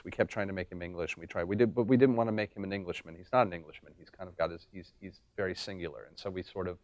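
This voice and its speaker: A man's voice: low voice, no echo. A man, a voice director, talking eagerly and emphatically in a casual interview.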